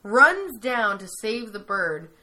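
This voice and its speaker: A young woman co-hosting a casual podcast, retelling a TV episode in animated fashion and acting out the characters' lines. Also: a little high, slow pace, a little hiss or hum. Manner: animated storytelling, acts out quotes, swears casually. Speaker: podcast co-host recapping a TV episode. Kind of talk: casual chat.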